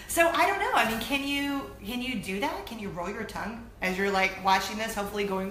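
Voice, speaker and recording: Bright chatty woman in an echoey room. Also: mid-range voice, moderate pace. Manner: chatty, animated, self-deprecating. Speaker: host of a weekly web show. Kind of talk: casual chat to camera. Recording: echoey room with faint noise.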